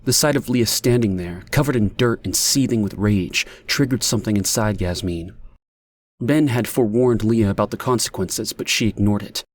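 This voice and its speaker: A man reading an audiobook in a measured, even manner, as the narrator. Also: fairly low pitch, no echo. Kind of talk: scripted narration.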